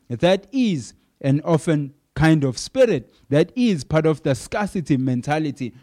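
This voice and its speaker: A man's voice: fairly high pitch, animated, moderate pace, few pauses, mellow. A man preaching a sermon in an earnest way, repeating key phrases for emphasis, with some fillers.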